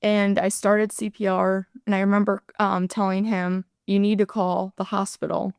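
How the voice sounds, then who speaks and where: A woman in her thirties speaks as a podcast guest in an earnest, halting way, often slipping into her own past words. Her voice is smooth and clean at a middle pitch. It sits dry and close to the mic. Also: level tone, dry recording. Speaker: guest, ER nurse and paramedic. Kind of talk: podcast interview, personal account.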